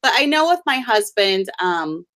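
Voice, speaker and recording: A woman's voice: mid-range voice, very animated, measured pace, fairly bright tone. Chatty woman host telling stories. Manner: chatty, laughs between anecdotes. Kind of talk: conversational storytelling.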